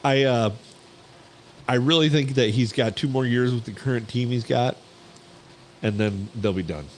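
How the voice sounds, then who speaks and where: A man's voice: medium pitch, normal speed, slight background noise, poor audio. A male podcast co-host with a wry, dry humor in casual chat.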